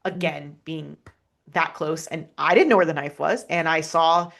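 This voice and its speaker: A woman, a podcast guest, telling a personal story in an earnest, halting way, with many restarts and fillers. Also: low voice, creaky, fairly bright tone.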